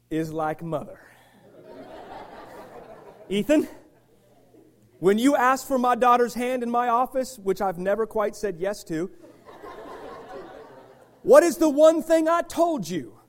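Brief: middle-aged male pastor, high lively voice, fiery sermon with chatty asides. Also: slow, pauses often. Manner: animated preaching, swings from shouting to quiet asides with the congregation.

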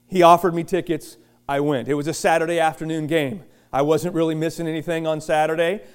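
A middle-aged male pastor preaching a sermon, chatty and joking, swinging from quiet asides to loud shouted bursts. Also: a little high, flat delivery, brisk, smooth. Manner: chatty, joking storyteller with many restarts.

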